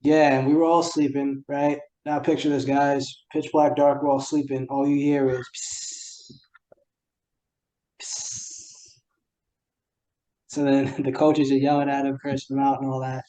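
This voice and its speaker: A young man with a New York accent, talking in a mellow, warm tone. He hosts a relaxed podcast chat, easygoing and quick to laugh, often groping for the right word. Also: mid-range voice, low-quality recording. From New York City. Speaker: podcast host. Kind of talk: casual chat.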